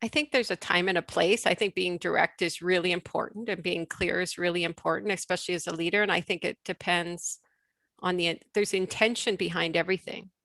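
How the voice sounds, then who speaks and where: Woman, gravelly voice, animated casual talk, video call, dry sound. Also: fairly low pitch, no room sound. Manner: animated, quick restarts, laughs between points. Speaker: guest speaker on leadership. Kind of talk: casual conversational webinar talk.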